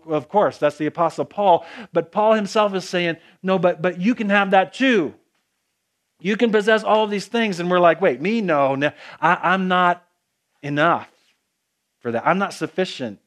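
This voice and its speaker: A man preaching a conversational sermon, with frequent restarts and casual asides to the congregation. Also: on the high side.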